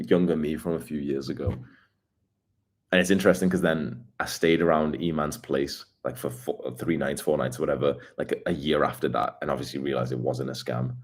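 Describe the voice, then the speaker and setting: Young man, deep voice, casual livestream rant, blunt, swears a lot. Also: darkish tone. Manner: blunt and profane, with fast asides. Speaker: livestream host.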